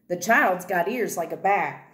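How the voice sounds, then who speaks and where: A woman voicing a calm, easygoing man who soothes a scared child in a relaxed, folksy drawl, in a storybook reading. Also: unhurried. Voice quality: rumbly. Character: calm older man paddling a canoe, gently teasing. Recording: roomy echo.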